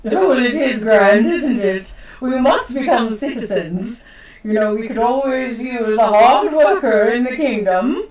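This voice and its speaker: A woman's voice: on the high side, lively intonation, a little slow, darkish tone, echoey room, distant mic, rough recording. Woman doing a vain, gushing fancy queen. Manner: grand and self-satisfied, fishing for praise.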